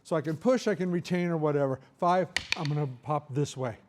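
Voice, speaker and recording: Fairly quick and slightly high, a middle-aged man's somewhat mellow voice carries a little hiss or hum. He's instructing a hands-on martial arts seminar, describing moves as he demonstrates them and often checking "right?".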